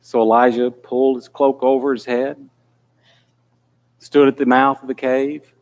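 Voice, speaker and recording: A man's voice: medium pitch, level tone, measured pace. A man preaching a sermon in an earnest manner that builds to pleading intensity.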